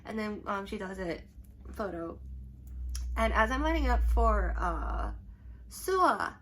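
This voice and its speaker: A woman's voice: medium pitch, big pitch swings, unhurried, a little hiss or hum. A young adult woman vlogging to camera, telling a story in a chatty, rambling way full of "like" and restarts.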